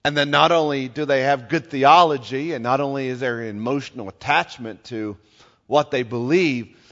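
A man's voice: mid-range voice, normal speed, fairly bright tone, long reverb tail, muffled recording. A man preaching a sermon, explaining scripture and leaning hard on repeated words for emphasis. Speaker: pastor.

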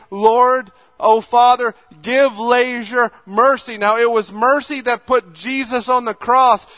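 Man, pastor, high-pitched, conversational sermon, acts out dialogues. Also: bright, forceful tone.

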